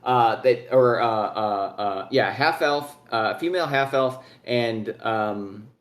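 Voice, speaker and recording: A man running a tabletop game, wandering through his scene descriptions with plenty of fillers. His voice sits at a middle pitch, and the room rings with echo. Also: takes it slowly. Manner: rambling, many fillers and restarts in description. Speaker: game master.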